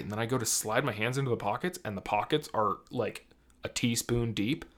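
A man's voice: lowish voice, brisk. Rambling young man on a podcast. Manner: rambling, animated, many fillers and restarts. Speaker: podcast co-host. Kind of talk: casual podcast chat.

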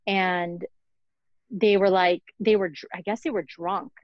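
A woman's voice: lowish voice, fairly even intonation, a little slow, dry recording. A woman hosting a true-crime podcast, chatting casually and rambling through the story with plenty of fillers and little laughs. Her voice comes through dull and lo-fi, close and dry with no room sound. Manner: chatty, many fillers and giggles. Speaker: podcast host.

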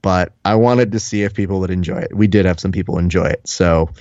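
Man, podcast host, jokey and rambling, lowish voice, dry and slightly dull audio. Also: fairly even intonation, a little fast, a little mellow, no echo. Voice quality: jokey, rambling, with many "uh" fillers. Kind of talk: casual chat.

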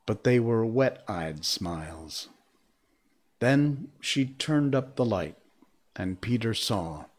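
A man reading a storybook aloud as narrator, measured and expressive. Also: fairly low pitch.

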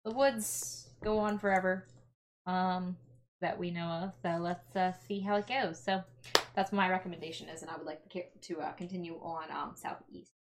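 A woman's voice: fairly low pitch, normal speed, slight background noise. A woman playing a tabletop game, playful and joking as she makes her moves. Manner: playful, jokey, animated. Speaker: player.

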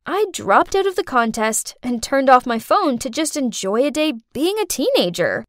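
A woman narrates her own story with expressive, dramatic flair. Her voice is high and moves lively up and down. The recording is close and dry, with no room sound. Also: normal speed, no echo. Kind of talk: first-person story narration.

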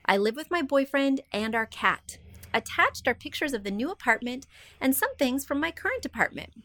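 Woman podcast host, higher register, chatty and self-deprecating, dry close recording. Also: big pitch swings, moderate pace, pushed and bright, no room sound. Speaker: podcast host, interior designer. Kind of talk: casual podcast advice, reading listener emails.

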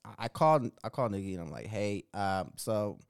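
Lively low-voiced man telling a story. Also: fairly quick, vocal fry, clear, resonant tone, no echo, clean studio sound. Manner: animated, swearing, laughing at his own story. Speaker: podcast co-host. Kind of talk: casual storytelling chat.

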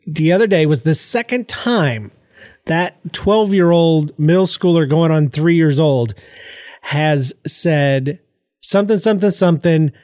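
A middle-aged man with a stuffy, congested voice rambles cheerfully through family anecdotes on his podcast, pitched a touch high and jumping into quoted voices. He sits close to the mic in a dry, dead-sounding room. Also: unhurried, no echo. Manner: animated, jokey storytelling with laughs and voiced quotes. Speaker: podcast host. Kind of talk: casual solo podcast storytelling. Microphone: close podcast microphone.

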